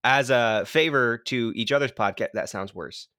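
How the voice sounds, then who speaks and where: A man's voice: medium pitch, normal speed, sharp tone, no echo, clean studio sound. A man co-hosting a podcast in casual chat, joking and laughing often. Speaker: podcast co-host.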